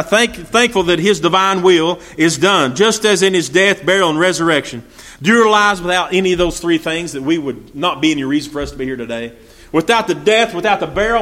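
A man delivers a sermon in a high voice. He talks in a folksy way, piles up rhetorical questions, and reads scripture aloud in old-fashioned English. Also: fairly bright tone. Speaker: preacher.

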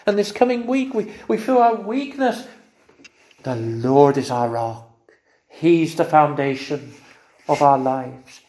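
A man preaching a sermon, slow and fervent, rising into repeated exclamations. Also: high-pitched, a little mellow. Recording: roomy echo.

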